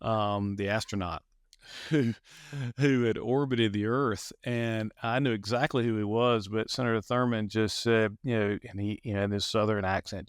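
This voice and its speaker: A middle-aged man telling a story as an interview guest, earnest and halting, often repeating words. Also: on the low side, steady tone, clean tone, no echo, clean studio sound. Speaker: guest, athlete and speaker.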